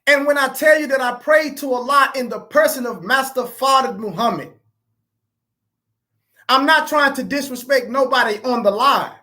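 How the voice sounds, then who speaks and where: A woman telling a live-stream audience how she grieved for her son. She speaks haltingly, repeats herself and addresses listeners as family. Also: high voice, pushed and bright. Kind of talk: emotional live-stream testimony.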